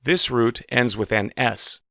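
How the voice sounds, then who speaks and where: Man narrating a measured, dry lesson. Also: medium pitch, fairly even intonation, vocal fry, sharp tone, no echo. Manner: measured, precise explanation. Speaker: teacher. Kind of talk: scripted instructional narration.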